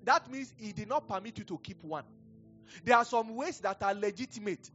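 This pastor, a middle-aged man with a Nigerian accent, has a very high, slightly bright voice and talks at normal speed with lots of animation. His sermon is conversational and wandering, full of digressive anecdotes and chuckles, captured in dull lo-fi audio over faint music.

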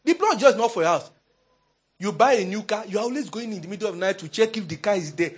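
A pastor preaches in a husky, fairly high voice, full of laughter and jokes. His pitch swings widely as he teases his listeners. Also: very fast. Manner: animated, humorous, laughs often. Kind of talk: sermon.

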